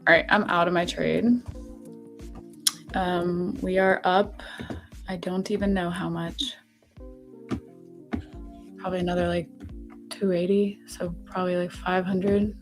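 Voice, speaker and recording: A woman's voice: lowish voice, little pitch movement, a little slow, pauses often, soft background music. A woman hosting a live trading stream, chatting casually and laughing often. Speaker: host.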